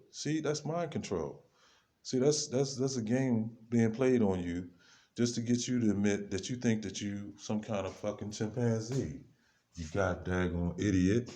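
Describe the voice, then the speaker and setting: A man's voice: mid-range voice, moderate pace, mellow. A man vlogging, ranting to the camera in a loose, rambling way, full of slang and asides to himself. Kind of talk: rambling casual rant to camera.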